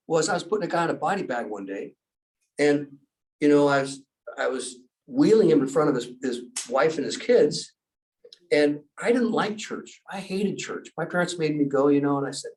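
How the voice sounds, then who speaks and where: Animated man telling stories from afar. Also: medium pitch, far from the mic, low-quality recording. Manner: animated, acts out quoted voices. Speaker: guest speaker. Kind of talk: storytelling talk.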